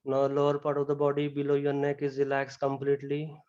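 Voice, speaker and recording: Calm man guiding yoga relaxation. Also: medium pitch, clean tone, dull audio. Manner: slow, calm step-by-step guidance with frequent "you know". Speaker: yoga instructor. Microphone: camera mic.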